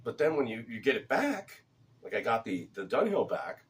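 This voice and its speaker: Slight background noise and a far-off mic frame this cigar vlogger's casual, rambling chat. His medium-pitched male voice has a sing-song lilt and a moderate pace, and he repeats words and swears occasionally.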